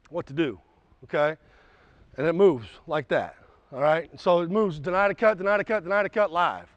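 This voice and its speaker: A high-sitting male voice on a dry recording with dull, slightly lo-fi sound. He's coaching a basketball clinic in a gym, blunt and a little profane, explaining drills, barking short commands at players, and shouting as they run.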